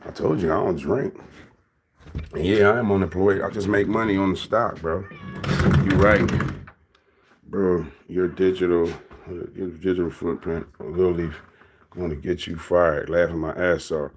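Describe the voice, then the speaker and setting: A man's voice: sits low, fairly even intonation, unhurried, pauses often, a little hiss or hum. A man on a casual livestream, reading and answering his chat in a teasing, mocking way, laughing often.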